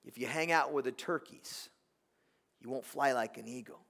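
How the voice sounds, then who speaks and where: A man's voice: mid-range voice, moderate pace, creaky, fairly bright tone. A man preaching a sermon as pastor, impassioned, repeating words and asking the congregation questions. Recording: long hall reverb.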